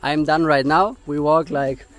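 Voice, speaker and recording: A man's voice: a little high, steady tone, a little slow, soft background music. A man with German as his first language, chatting casually as a travel vlogger outdoors on a hiking trail, out of breath from the climb and laughing often.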